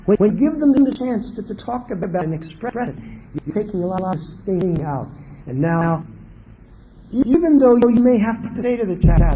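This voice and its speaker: Guy giving a marriage seminar, high voice swinging all over, acts out parents n kids, hissy clicky tape. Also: normal speed. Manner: animated, asks the audience many questions; acts out quoted parents and children. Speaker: seminar speaker.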